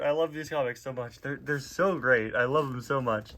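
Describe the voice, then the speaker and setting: Bright-voiced chatty man reading comics. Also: mid-range voice, moderate pace, hardly any pauses. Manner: chatty, self-deprecating asides. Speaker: toy and comic reviewer. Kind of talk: reading comics aloud with casual commentary.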